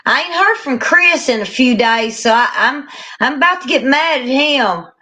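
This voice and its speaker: A woman's voice: high-pitched, lively intonation, normal speed, bright, forceful tone. A woman from Tennessee with a Southern accent, chatting casually as a guest and laughing often. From Tennessee, USA. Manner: folksy, drawling, laughs often. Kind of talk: casual chat on a livestream.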